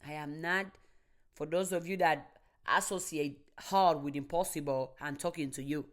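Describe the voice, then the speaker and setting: A woman delivering a motivational monologue, slow and deliberate, repeating and building her phrases with emphasis. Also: low-pitched, fairly even intonation. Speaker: motivational speaker.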